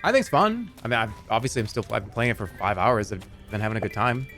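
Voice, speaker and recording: A man's voice: fairly low pitch, fast talker. A male streamer chatting loosely while he plays, with a voice that swings widely up and down. He bounces between jokes and answers to his chat, and faint music plays in the background. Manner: animated, joking, answers chat. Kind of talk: casual live-stream chat.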